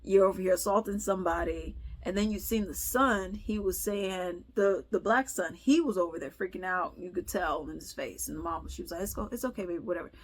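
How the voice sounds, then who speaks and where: A woman vlogger telling a story in casual commentary, chatty and animated, acting out what people said with sighs and laughs. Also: on the low side, moderate pace, hardly any pauses.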